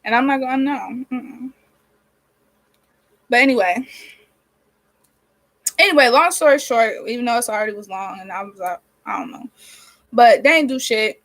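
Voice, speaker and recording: A woman's voice: a little high, normal speed, pauses often, a bit bright, low-quality recording. Frank, rambling nineteen-year-old woman. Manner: frank and rambling, heavy swearing, venting. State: irritated nose, sniffling. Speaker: vlogger. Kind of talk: casual chat while doing her hair. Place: small cold bedroom with a space heater running.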